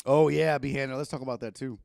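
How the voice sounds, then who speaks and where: A man's voice: mid-range voice, fast talker, vocal fry, no echo, clean studio sound. A man hosting a casual sports talk livestream, rambling and swearing freely into a microphone plugged into a camera. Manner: profane, animated rambling. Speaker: sports talk show host.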